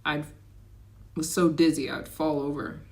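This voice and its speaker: A woman chats loosely on her travel livestream, reading out donations and answering viewers. Her voice sits a little on the low side, and she talks in an easy, rambling way. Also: fairly even intonation, measured pace, darkish tone. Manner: chatty, reads donations aloud, rambling asides; slips into a put-on accent at times. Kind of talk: casual livestream chat.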